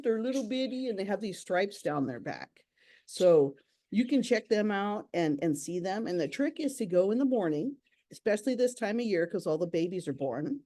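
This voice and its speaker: Over a video call's computer microphone, this young park educator delivers a virtual nature talk in a bubbly, chatty manner. Her voice is mid-range and warm.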